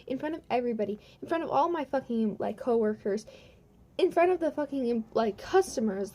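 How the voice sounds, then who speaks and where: A woman's voice: fairly high pitch, lively intonation, brisk, warm tone. Fired-up young woman telling a story. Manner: profane, heated retelling full of "like". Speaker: vlogger. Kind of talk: storytime vlog. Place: at home.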